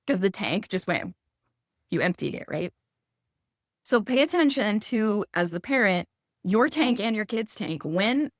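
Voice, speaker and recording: A woman in her thirties speaking casually as a guest, chatty and animated, acting out quoted lines in a higher voice. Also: dry recording, studio quality. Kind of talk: casual conversational advice.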